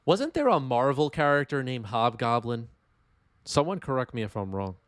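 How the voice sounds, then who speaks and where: A man's voice: mid-range voice, big pitch swings, moderate pace, a little hiss or hum. A man with a New York accent commentating a live card game stream, wry and reading chat aloud.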